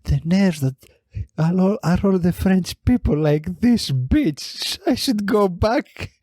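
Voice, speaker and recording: A man voicing an angry young British woman who scolds in a shrill, outraged way. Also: lively intonation, slow pace, warm tone, no room sound, studio quality, exaggerated voice. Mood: disgusted.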